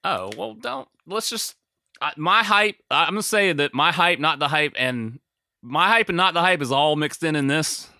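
Bright, rambling American man. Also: fairly high pitch, expressive, normal speed, no echo, studio quality. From United States. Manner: rambling, self-mocking, many fillers. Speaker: podcast co-host. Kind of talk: casual chat.

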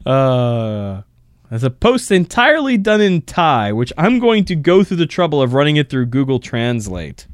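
A man co-hosting a laid-back podcast, rambling between points and laughing often. His voice is resonant and lively in pitch, recorded close and dry. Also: normal speed, dry recording. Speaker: podcast co-host. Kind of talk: casual chat.

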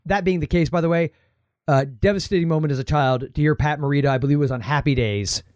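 American man, podcast co-host, rambling casual chat, higher pitch, dry close sound. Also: darkish tone, no room sound. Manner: rambling, with quick playful impressions.

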